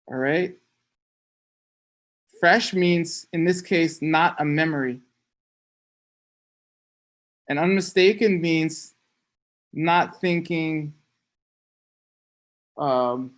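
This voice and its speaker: A teacher giving a relaxed online class, joking often and checking in with "okay?". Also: mid-range voice. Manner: playful, joking, frequent "okay?" check-ins. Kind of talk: casual online class lecture.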